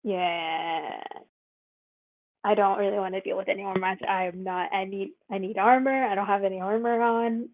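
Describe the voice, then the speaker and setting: A woman's voice: mid-range voice, steady tone, normal speed, no echo. A woman playing in a tabletop game, casual and playful, laughing often. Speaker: player. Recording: tinny phone-like line.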